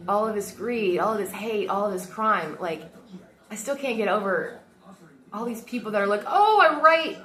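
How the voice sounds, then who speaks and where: A woman's voice: medium pitch, pushed and bright. A woman venting heatedly into her phone camera, swearing often as she talks. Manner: heated and emotional, frequent swearing. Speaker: vlogger. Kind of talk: casual rant to camera.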